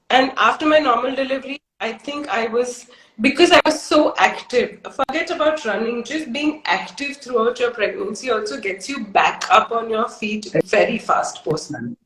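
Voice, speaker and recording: A woman, a doctor and ultrarunner, answering as an interview guest in a lively way, laughing through her stories. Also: high-pitched. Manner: lively, laughs while telling, fast bursts. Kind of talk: casual interview chat. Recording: roomy echo.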